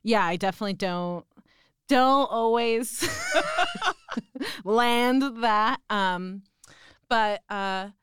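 A young woman with a Texan accent talks in a relaxed, self-deprecating way and laughs often. Her voice is smooth and clear. The recording is close and dry. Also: fairly high pitch, drawn-out words, pauses often, no echo. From Texas. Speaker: guest. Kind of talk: casual chat.

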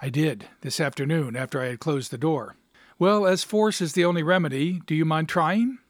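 A man's voice: a little high, normal speed, no room sound, clean studio sound, close to an everyday voice. A man voicing a polite, flustered young married woman in a raised voice.

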